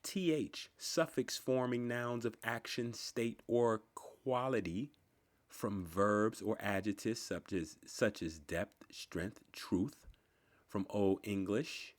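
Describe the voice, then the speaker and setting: A man reading dictionary entries aloud in a slow, deliberate, word-by-word recitation. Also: fairly low pitch. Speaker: channel host.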